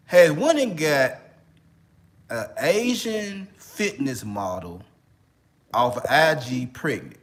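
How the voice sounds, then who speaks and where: A man's voice: mid-range voice, fairly bright tone. A man from Memphis with a Memphis accent, an online relationship coach getting over a cold, giving casual video commentary full of slang and repeated fillers. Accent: Memphis, Tennessee. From Memphis, Tennessee. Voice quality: slangy, repeats "you know what I'm saying".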